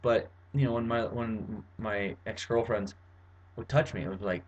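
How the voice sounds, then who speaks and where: A man's voice: lowish voice, fairly even intonation, a little slow, lo-fi sound. A young man talking to camera from his bedroom in a casual, verbose monologue, full of fillers and restarts as he explains something. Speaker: vlogger. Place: bedroom at home.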